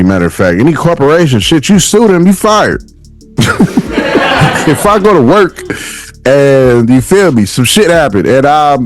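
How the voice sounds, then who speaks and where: Animated profane American man ranting. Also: a little high. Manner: animated, profane, laughs often. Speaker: podcast host. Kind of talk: casual solo podcast rant.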